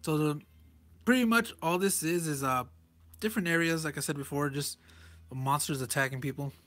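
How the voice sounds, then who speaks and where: A man's voice: on the high side, moderate pace, a bit bright. A man casually reviewing a comic page by page, chuckling often and correcting himself in rambling asides. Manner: chuckles often and reads panel text aloud.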